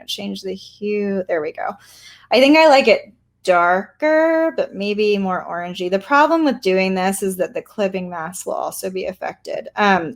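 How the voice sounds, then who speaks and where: A woman artist, giving a casual live painting tutorial in a chatty, rambling way with many fillers. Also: medium pitch. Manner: chatty, rambling, self-deprecating, lots of fillers. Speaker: artist teaching a workshop.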